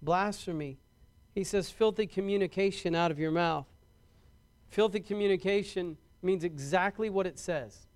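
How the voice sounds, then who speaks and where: Here a man with a high-sitting voice preaches at normal speed. His sermon feels like a conversation, with frequent restarts, repeated words, and questions put to the congregation.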